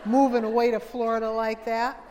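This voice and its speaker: A woman's voice: a little high, little pitch movement, brisk, a little mellow, a faint crowd, slight background noise. A middle-aged woman giving a humorous, folksy talk at a women's conference, speaking straight to the audience. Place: large hall with an audience. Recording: long hall reverb.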